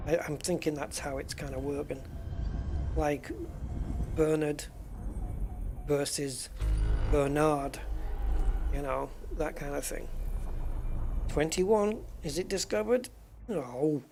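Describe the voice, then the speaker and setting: A man's voice: a little high, unhurried, vocal fry, pauses often, music in the background. A man streaming a game, chatting casually and rambling as he answers viewer questions. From United Kingdom. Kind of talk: casual live-stream chat while playing.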